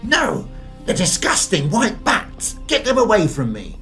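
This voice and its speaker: A man's voice: sits high, wildly swooping pitch, unhurried, fairly bright tone, faint music behind, pitched above the performer's own voice, heavily acted. A man voicing a frightened young man who cries out and shrieks in pain. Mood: anguished. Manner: shrieking, crying out.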